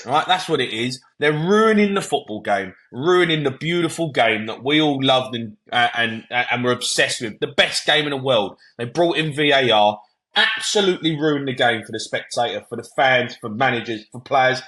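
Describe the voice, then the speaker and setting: Male football podcast co-host, fired-up ranter, sharp bright tone. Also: medium pitch, lively intonation, normal speed. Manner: heated ranting, swears, talks over others; repeats punchy phrases.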